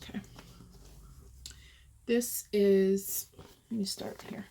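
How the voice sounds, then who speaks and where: A woman's voice: medium pitch, level tone, extremely slow, vocal fry, mellow, a little hiss or hum. A woman chatting casually as she shows her cross-stitch projects, thinking aloud and rambling as she goes. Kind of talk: casual show-and-tell.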